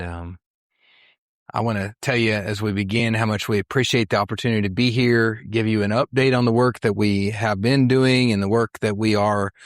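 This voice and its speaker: A middle-aged missionary from Western Oklahoma, USA, gives a church mission talk, telling his story in a folksy, earnest manner full of fillers and restarts. His voice is mid-range, and the studio-quality recording has no echo.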